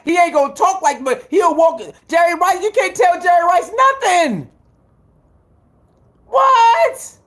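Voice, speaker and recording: A man giving heated, incredulous commentary, swinging between shouts and low mutters, with speech. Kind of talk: animated ranting commentary.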